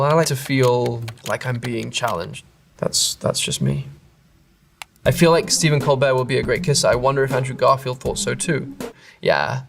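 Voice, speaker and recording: With a gravelly, medium-pitched voice, a man from England in his thirties goes through web comments aloud and responds. He's an actor fielding internet questions, rambling, cutting himself off, and now and then laughing at himself.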